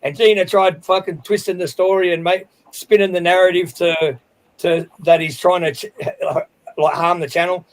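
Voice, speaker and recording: An Australian man with a notably high voice tells a story in casual livestream chat. He talks in a heated, profane way and keeps restarting his sentences. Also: fairly even intonation, moderate pace, low-quality recording. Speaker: livestream panel regular.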